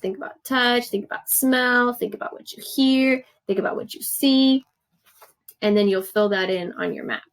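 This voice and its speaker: A woman's voice: fairly high pitch, gravelly, poor audio. A woman teacher giving patient step-by-step instructions for a writing assignment in a recorded remote lesson. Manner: patient, encouraging, explains step by step with examples. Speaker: third grade teacher.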